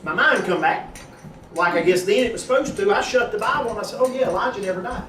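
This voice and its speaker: A man telling a folksy, animated testimony at a church gathering, acting out the voices in his story. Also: sits high, fast. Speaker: church member giving a testimony. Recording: echoey room, distant mic, audience noise.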